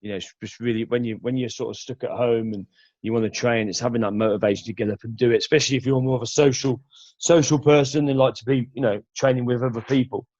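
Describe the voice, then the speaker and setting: A man hosting a casual interview, talking quickly and repeating words as he goes. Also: mid-range voice, fairly even intonation, a little mellow, no echo. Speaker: podcast host. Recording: dull dry call audio.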